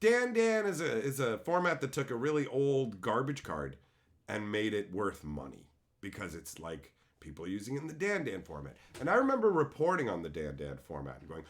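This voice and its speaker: A man hosting a live stream, telling a story to his chat in a profane, exasperated, animated way and reading out viewer comments. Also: mid-range voice, moderate pace. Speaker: livestream host.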